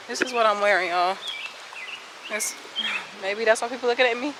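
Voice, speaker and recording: Her pitch sits on the high side and her pace is moderate, with a noisy background behind her. She's a twenty-something kindergarten teacher vlogging casually while walking outdoors with a handheld camera, winded, sassy and chatty, answering viewers she calls "sis" and "y'all."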